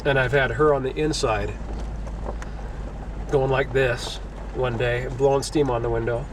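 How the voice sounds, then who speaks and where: A man's voice: mid-range voice, measured pace, far from the mic, noisy background. A man chatting at an outdoor camp, telling stories and acting out what people said. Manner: animated storyteller who acts out what people said. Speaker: vlogger on a camping and gold-dredging trip. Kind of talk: casual storytelling chat and solo talk to camera. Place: outdoor camp on a wooded mountain hillside.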